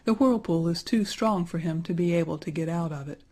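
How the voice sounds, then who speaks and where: A woman narrates a fairy tale in a measured, even reading. Her voice sits low, with a dark tone and a husky texture. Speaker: storyteller. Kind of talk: storybook narration.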